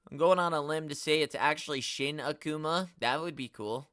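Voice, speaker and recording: A man's voice: on the high side, brisk, a bit bright, dry recording, studio quality. A young man hosting a casual live stream, rambling in slangy talk and getting exasperated as he reads and answers chat. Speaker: host of a toy collecting live stream.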